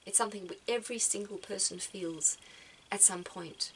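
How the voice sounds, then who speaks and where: A woman talking gently and reflectively to her viewers, giving spiritual advice and often repeating words as she thinks. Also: medium pitch, normal speed, a little hiss or hum, poor audio.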